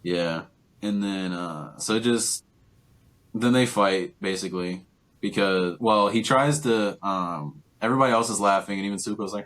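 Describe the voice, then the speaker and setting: A young man with a very low voice recaps a film for his co-host in loose, casual chat. He rambles, stacking fillers like "like" and "um" as he goes. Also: moderate pace, fairly bright tone. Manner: rambling, filler-heavy retelling with lots of "like" and "um". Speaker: podcast co-host.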